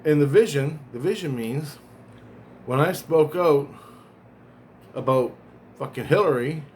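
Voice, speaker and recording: A man's voice: fairly high pitch, a little slow, a little mellow, slight background noise. A man vlogging, telling a long personal story in a rambling, profane way, often restarting and correcting himself. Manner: profane, digressive, self-correcting.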